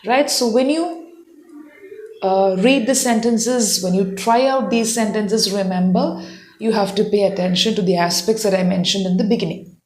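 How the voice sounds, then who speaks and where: A woman's voice: medium pitch, normal speed, a little mellow, reverberant. A woman giving a spoken English lesson, patiently explaining and modelling sentences for learners to repeat. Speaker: English teacher.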